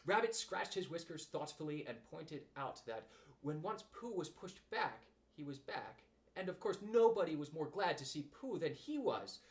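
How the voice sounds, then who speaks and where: A man reads a children's storybook aloud with animated expression. His voice sits a little high and swings widely in pitch. The reading is lively and playful throughout. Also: moderate pace. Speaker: audiobook reader.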